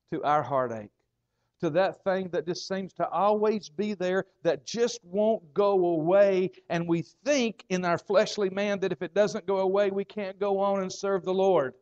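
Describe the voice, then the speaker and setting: Pastor, male, high voice, repetitive preaching cadence, lo-fi church broadcast sound. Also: darkish tone. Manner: preaching with dramatic pauses and repeated phrases. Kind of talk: sermon.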